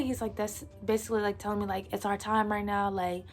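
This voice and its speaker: A young woman in her twenties tells a story from her own life in a relaxed, slangy vlog voice. There is a gravelly fry running through her speech, and faint music plays underneath. She acts out the quoted lines as she goes. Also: medium pitch, fast, few pauses. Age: 20s. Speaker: vlogger. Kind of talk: casual storytime.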